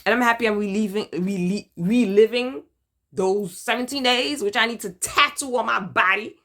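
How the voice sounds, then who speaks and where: A middle-aged woman from Brooklyn with a Brooklyn accent, chatting in a candid video diary, animated and dramatic, hyper and talkative. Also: normal speed, a little hiss or hum. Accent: Brooklyn, New York. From Brooklyn, New York. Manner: animated, dramatic, with emphatic swings in pitch and loudness. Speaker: vlogger sharing her cancer journey.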